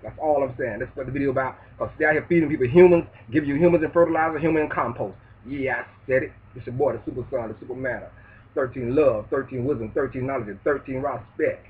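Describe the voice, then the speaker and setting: A man ranting in a loud, preachy, profane street manner in a vlog monologue. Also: mid-range voice, fast, slight background noise. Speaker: vlogger. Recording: distant tinny phone-like sound.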